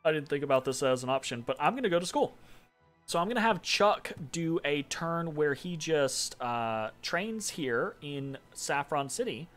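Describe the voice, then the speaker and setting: A man's voice: on the high side, expressive, moderate pace, a bit bright, faint music behind. A man casually commenting on his strategy game turn, thinking aloud with many ums and restarts. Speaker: game streamer. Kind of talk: casual let's-play commentary.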